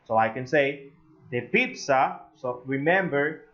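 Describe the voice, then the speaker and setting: A man whose first language is Spanish, teaching English grammar in an online lesson, slow and full of "eh" fillers, drawing out his example sentences. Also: medium pitch, expressive, a bit bright. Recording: slightly dull lo-fi audio.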